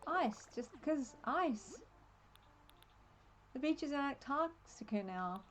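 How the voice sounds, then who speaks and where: Chatty Australian woman, higher voice. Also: lively intonation, a little hiss or hum. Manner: chatty, thinking aloud, quick to laugh. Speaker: game streamer. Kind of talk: casual live-stream commentary.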